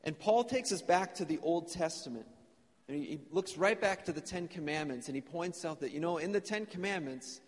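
Earnest pastor preaching in a ringing church. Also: male voice, on the high side, fairly quick, breathy edge. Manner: earnest, conversational storytelling. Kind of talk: sermon. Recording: long church reverb.

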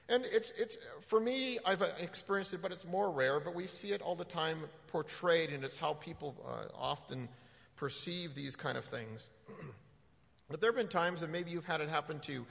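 Gravelly man preaching in a reverberant hall. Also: a little high, fairly bright tone. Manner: conversational, halting with fillers and restarts. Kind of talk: sermon.

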